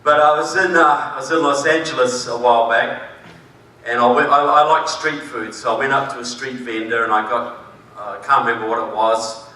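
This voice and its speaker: A man's voice: medium pitch, fairly even intonation, brisk, sharp tone. New Zealand man speaking in an echoey hall. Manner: dry humor, emphatic. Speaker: conference speaker. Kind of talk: public speech. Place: large conference hall. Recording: echoey hall, distant mic.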